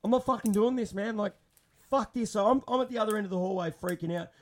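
A young man telling a story in casual podcast chat, animated and swearing constantly. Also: high voice, quick pace. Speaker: podcast co-host.

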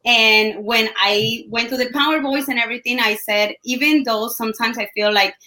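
A woman's voice: on the high side, fairly even intonation, normal speed, pushed and bright. A young woman from Colombia with a Colombian Spanish accent, a guest chatting in an interview, with many restarts. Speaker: guest, business owner. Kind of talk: casual interview conversation.

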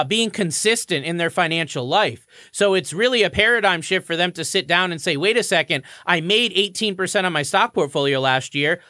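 A man's voice: high voice, sharp tone, dry recording, studio quality. A man co-hosting a radio show, explaining mortgages in a confident, explanatory way. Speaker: mortgage expert co-host.

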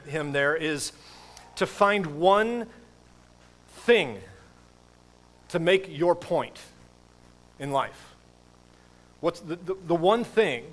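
A man's voice: fairly high pitch, a bit bright. A middle-aged man giving a sermon as pastor, in a casual, rambling way with many fillers and restarts.

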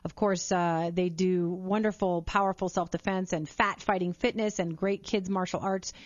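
A woman's voice: fairly low pitch, moderate pace, dry recording. A woman hosting a podcast for mothers, speaking earnestly and repeating words as she gets going. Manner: warm-hearted, earnest, repeats words when excited. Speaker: podcast host. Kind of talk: upbeat interview and appeal to listeners. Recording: slightly dull lo-fi sound.

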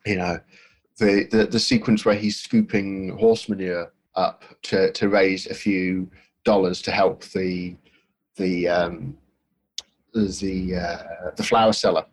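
A man's voice: deep voice, level tone, slow, slightly rough. A man co-hosting a podcast, talking casually about a film with many restarts and fillers. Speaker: podcast co-host.

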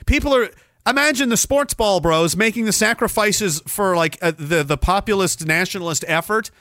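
A man's voice: high voice, moderate pace, pushed and bright, no room sound, studio quality. A man, ranting sarcastically and profanely on his livestream, rambling from one complaint to the next. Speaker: livestream host.

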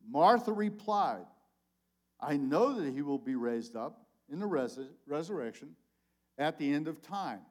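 An older man preaching a sermon at a conference in a conversational, animated way, swinging between loud exclamations and quiet asides. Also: on the high side, measured pace. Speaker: conference speaker.

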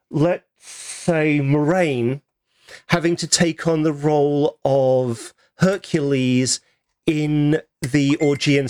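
A man's voice: on the high side, no room sound, clean studio sound. A man on a podcast panel, speaking with thoughtful enthusiasm in casual chat.

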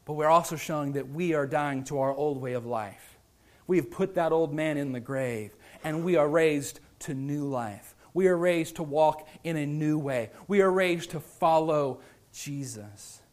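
High-voiced impassioned male preacher. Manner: impassioned preaching, swings from loud to hushed. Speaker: pastor. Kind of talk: sermon.

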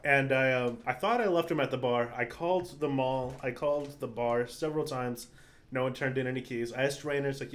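A man's voice: mid-range voice, brisk. A man co-hosting a podcast, telling an anecdote in casual chat and quoting his friends' lines. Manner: animated anecdote-teller, quotes friends. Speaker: podcast co-host.

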